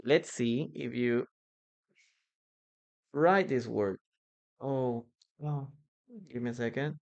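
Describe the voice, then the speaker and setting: A man teaching a live online English class, slowly repeating words and sentences so students can practice pronunciation. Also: medium pitch, gravelly, muffled recording. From Peru. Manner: slow, patient, repeats words for pronunciation drills.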